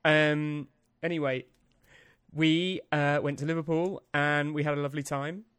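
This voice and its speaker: A man, co-hosting a podcast in casual comedic chat, playful and quick to giggle. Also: fairly high pitch, level tone, a bit bright, clear, resonant tone, no echo. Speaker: podcast co-host.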